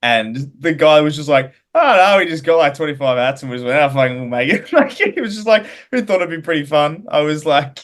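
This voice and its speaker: Giggly teasing podcast co-host. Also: male voice, on the high side, animated, fairly quick, few pauses. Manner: giggly, teasing, laughs often. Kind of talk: casual sports podcast banter.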